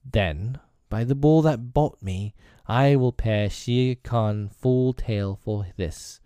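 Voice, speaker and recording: A man's voice: medium pitch, slow pace, dark tone, clean tone, dry recording, voice pushed up, lightly acted. A man voicing an earnest, bold boy raised by wolves in a storybook reading. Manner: earnest, eager.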